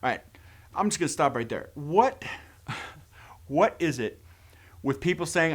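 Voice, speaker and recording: A man reviewing a horror movie casually recaps its plot and comments on it, adding sarcastic, incredulous asides. His mid-range voice is animated, at a moderate pace with long pauses.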